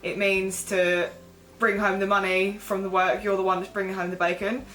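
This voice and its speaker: A woman's voice: mid-range voice, flat delivery, moderate pace, fairly bright tone, distant mic. A young woman with an Essex accent, casually chatting on a vlog, rambling and self-deprecating with lots of fillers. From Essex, England. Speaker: vlogger. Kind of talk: casual chat explaining slang. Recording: echoey room with faint music.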